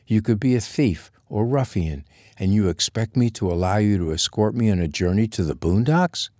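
A man's voice: on the low side, expressive, moderate pace, warm tone, no echo. A man voicing a prim, proper young schoolteacher woman who speaks stiffly and formally, in a very dry recording. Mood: prim, indignant.

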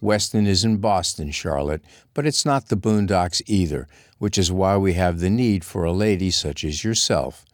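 A man voicing a rugged, easygoing Western cowboy with a deep, lazy drawl, in a very dry recording. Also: animated, normal speed, hardly any pauses, dry recording. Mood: amused, easy.

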